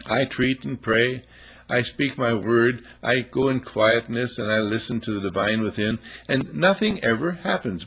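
A man's voice: medium pitch, measured pace, creaky, fairly bright tone, slightly rough. A man preaching a sermon, emphatic and full of rhetorical questions, acting out little scenes as he goes.

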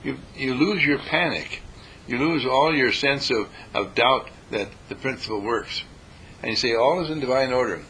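Man, gravelly, bright tone, folksy meditation lesson, repetitive phrasing, faint hiss and rumble. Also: animated, moderate pace, rough recording. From California. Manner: folksy, repetitive, acts out panicked voices. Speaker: dean and spiritual teacher.

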